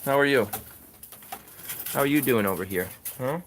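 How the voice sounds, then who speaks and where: A man walks through a barn on a farm live stream, feeding animals and chatting with them as he goes. His voice sits at an ordinary middle pitch, with faint barn noise behind him. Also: normal speed. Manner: chatty, talks fondly to the animals. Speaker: farmer hosting a live stream. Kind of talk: casual live-stream chat while doing farm chores.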